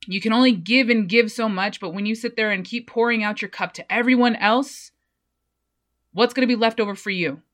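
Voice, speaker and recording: A woman's voice: a little high, brisk, a bit bright. Fired-up, foul-mouthed woman podcaster. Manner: blunt, profane and fired up. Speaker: podcast host. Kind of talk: motivational podcast monologue.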